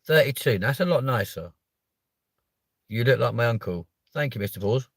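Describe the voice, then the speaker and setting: British livestream host, 30s, jokey and mock-offended, animated delivery, dry close mic. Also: male voice, mid-range voice, moderate pace, no room sound. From United Kingdom. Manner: playful, mock-offended, swears casually. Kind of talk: casual live chat reading viewer comments.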